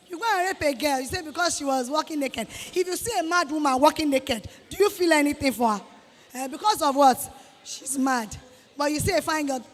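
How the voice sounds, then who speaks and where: A Nigerian-accented woman with a high, bright voice lectures students with lively scolding energy, acting out the people she quotes. Her talk rings through a large hall with a long reverb tail. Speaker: guest speaker to students. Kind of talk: motivational talk.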